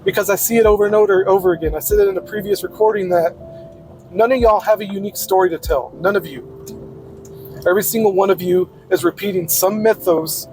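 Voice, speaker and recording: A man's voice: high voice, darkish tone. A man giving a blunt, preachy casual monologue, swearing freely. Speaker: podcaster.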